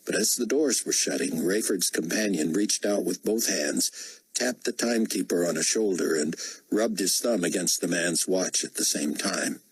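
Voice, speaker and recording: A man reading an audiobook in steady, measured narration. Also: low-pitched, slightly rough, no room sound, low-quality recording. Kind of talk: scripted narration.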